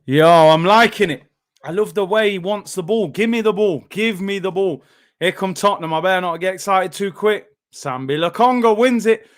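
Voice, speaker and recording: A young man hosting a live football watchalong, reacting loudly to the play and then talking himself back down. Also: high-pitched, moderate pace. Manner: excitable, shouts at big moments, then calms himself down. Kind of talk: live match watchalong commentary.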